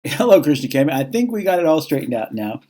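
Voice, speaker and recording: A man's voice: a little high, sing-song, fast, dark tone. A man, a school chaplain, giving a casual chapel talk to students, chatty and self-deprecating, reading scripture aloud.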